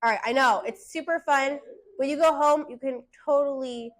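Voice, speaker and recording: A woman with a high voice teaching a singing lesson. She is upbeat and jokes with the students as she talks. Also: normal speed. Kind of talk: classroom lesson.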